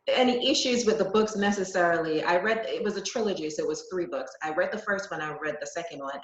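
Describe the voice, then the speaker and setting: A woman's voice: on the low side, fairly bright tone. A woman from Jamaica, reflectively telling a personal story as a podcast guest, with frequent ums and restarts. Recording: echoey room, dull lo-fi sound.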